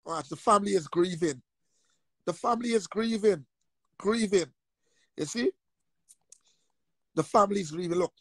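A man on a heated livestream rant, angry, profane and repetitive, often shouting. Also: sits high, normal speed, pauses often, no room sound.

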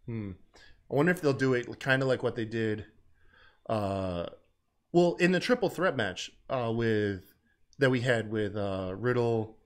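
A relaxed man co-hosting a chatty podcast, speaking at an ordinary middle pitch. He keeps things loose and jokey, with an easygoing, conversational flow. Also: measured pace. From American South. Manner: laid-back, jokey, acts out quotes in voices. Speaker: podcast co-host. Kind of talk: casual chat recapping wrestling.

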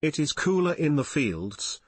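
A man reading the lines of a proud, gentle young woman in an audiobook, in soft, unhurried speech. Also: fairly high pitch, sing-song, breathy edge, dry recording, exaggerated voice.

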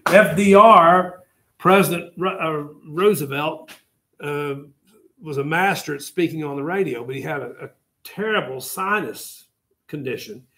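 An older man teaches a class with a slightly high voice. He rambles through jokey stories and asides to his students as he lectures. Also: unhurried, bright, forceful tone, a little hiss or hum. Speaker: history teacher.

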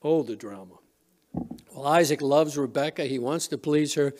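Man, pastor, sermon, slightly high voice, conversational storytelling, frequent restarts. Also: moderate pace, darkish tone, a little hiss or hum. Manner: storytelling, retelling scenes with quoted voices. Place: church sanctuary.

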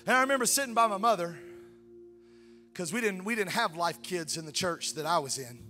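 A man preaching in a church with a high, bright, forceful voice. He swings from fervent shouted peaks down to quiet, tender asides. Soft music plays underneath. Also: animated, fairly quick. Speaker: pastor. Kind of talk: sermon. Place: church sanctuary.

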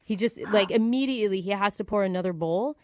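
A woman's voice: medium pitch, quick pace, darkish tone, no echo, studio quality, lightly acted. A woman radio host playing a dramatic, gossipy ex-wife on a prank call, telling her story breathlessly.

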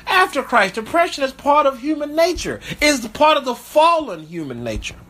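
A man's voice: very high-pitched, very animated, normal speed, bright, forceful tone. A man preaching as a pastor, reading Bible verses aloud and breaking off to comment with emphatic asides. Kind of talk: sermon with scripture reading.

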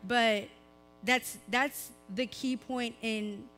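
A young woman, preaching a casual youth sermon in a slightly hoarse voice, chatty and full of "like" fillers. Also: on the high side, steady tone, very slow, a bit bright, faint music behind. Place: church service, recorded live.

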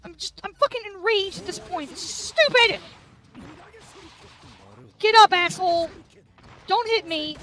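A woman's voice: extremely high pitch, a little slow, pauses often, sharp tone. A woman gamer doing let's play commentary, furious and swearing constantly at the game.

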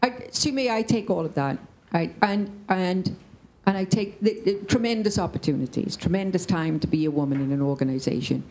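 A woman's voice: lowish voice, a little fast, darkish tone, low-quality recording. A woman speaking on a discussion panel, telling a story emphatically and checking in with "right?".

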